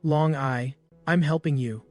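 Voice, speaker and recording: A man's voice: fairly high pitch, unhurried, soft background music, natural voice. A man voicing a smug, mocking male rival officer.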